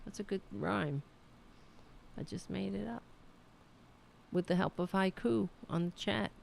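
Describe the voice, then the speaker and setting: A woman's voice: medium pitch, unhurried, creaky, a little mellow, slight background noise. A woman hosting a casual livestream show at home, sardonic, profane and rambling. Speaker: show host.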